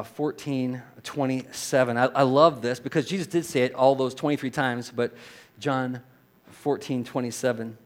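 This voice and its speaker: A man preaching a sermon as pastor, conversational and animated, rising for emphasis and dropping low on quoted lines. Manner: conversational, with repeated restarts.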